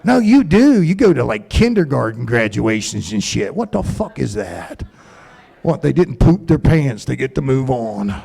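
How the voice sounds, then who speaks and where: A man's voice: medium pitch, sing-song, normal speed, creaky, mellow, breathy edge. A middle-aged man doing profane stand-up in a comedy club, ranting and telling stories on a stage mic.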